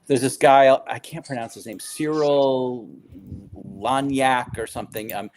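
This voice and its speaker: A man chatting as a guest on a video call, telling lively stories with lots of fillers and laughter. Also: medium pitch, a little slow, slight background noise. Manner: animated storyteller, many fillers, laughs often. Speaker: guest, food writer and baker. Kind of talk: casual chat.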